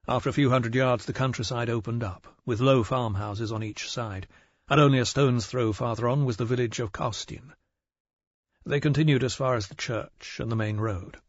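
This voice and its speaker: A man narrating a mystery audiobook in a measured, even storytelling manner. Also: mid-range voice, no room sound, highs cut off. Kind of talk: scripted narration.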